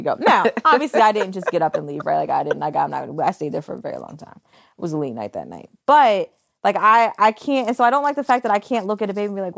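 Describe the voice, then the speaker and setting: A young adult woman co-hosting a casual podcast chat, telling lively stories and acting out the dialogue. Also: medium pitch, quick pace, creaky, no room sound, studio quality. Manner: animated storyteller, acts out dialogue. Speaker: podcast co-host.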